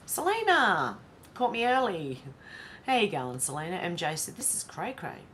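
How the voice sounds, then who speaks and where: A woman's voice: lowish voice, wildly swooping pitch, moderate pace, a bit bright, a little hiss or hum. A woman from Australia with an Australian accent, hosting a live stream in a casual, chatty way, often laughing to herself as she reads out viewer comments. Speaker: livestream host.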